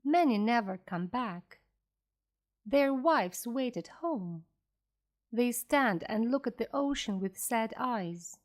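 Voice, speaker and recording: Woman reading a story for english learners, slow and clear, voice goes up and down a lot, bit high. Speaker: audiobook reader for learners.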